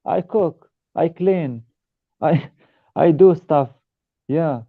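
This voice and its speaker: A man's voice: a little high, drawn-out words, no room sound. Stammering man on a tinny line. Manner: repeats and restarts words, laughs often. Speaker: guest. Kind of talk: casual discussion.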